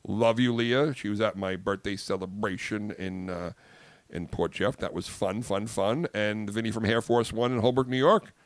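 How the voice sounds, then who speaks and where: A man's voice: on the low side, normal speed, few pauses, no room sound. A man hosting a podcast in casual chat, easygoing and rambling with loose restarts. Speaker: podcast host.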